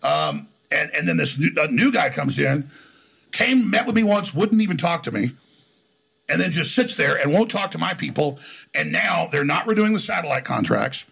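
A middle-aged man telling stories in an interview, talking fast and combatively with frequent restarts and repeated words. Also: on the high side, animated, creaky, a bit bright, breathy edge. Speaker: interview guest. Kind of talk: heated conversational storytelling.

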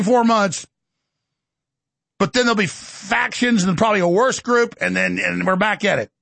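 A man hosting a talk show, ranting sarcastically with shouted bursts. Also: high-pitched, animated, normal speed, gravelly, husky, no room sound. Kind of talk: ranting monologue.

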